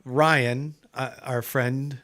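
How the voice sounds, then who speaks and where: A man hosting a podcast, telling a story in a casual, animated way and laughing often. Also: mid-range voice, drawn-out words. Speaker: podcast host. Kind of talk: casual chat.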